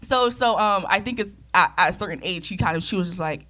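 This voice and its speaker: A woman's voice: mid-range voice, brisk, hardly any pauses, fairly bright tone. Chatty giggly young woman co-host. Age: 20s. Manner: chatty, many fillers and mm-hmms, giggly. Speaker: podcast co-host. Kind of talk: casual chat.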